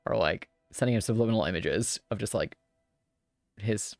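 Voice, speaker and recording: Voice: mid-range voice, normal speed, dry recording, clean studio sound, soft background music. A streamer reading a romance visual novel aloud live, with giggly, chatty joking asides.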